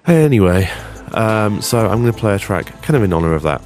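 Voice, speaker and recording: A man's voice: on the low side, very animated, a little fast, a little mellow, faint music behind. A man hosting a casual solo podcast, rambling and hesitant with frequent ums, then turning blunt and sweary. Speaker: podcast host.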